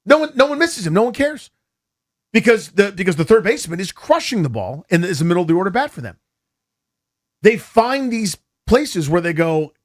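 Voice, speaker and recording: A man hosting a sports talk radio show, talking fast and animated and taking calls. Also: high voice. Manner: animated, rapid, takes calls. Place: radio studio.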